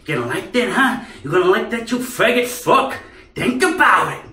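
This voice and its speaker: A man doing an impression of an unhinged, taunting male film villain, with a high, loud and drawled voice. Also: sing-song, moderate pace, roomy sound, recorded from a distance, heavily acted. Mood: menacing taunt.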